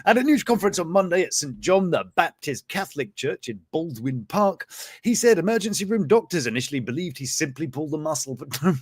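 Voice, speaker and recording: Male host, comedic news commentary, laughs a lot, very lively pitch, dry close sound. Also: a little fast, slightly rough, no room sound. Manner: joking, laughs often, rambling asides.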